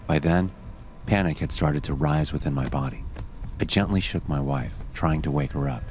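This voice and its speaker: Very deep-voiced male horror narrator. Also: a little hiss or hum. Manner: steady, measured storytelling.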